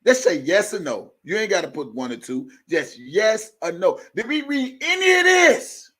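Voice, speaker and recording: A man's voice: high-pitched, big pitch swings, normal speed, sharp tone. A man hosting a live stream, ranting heatedly to his viewers in a profane, fired-up way. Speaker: livestream host. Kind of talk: live commentary rant.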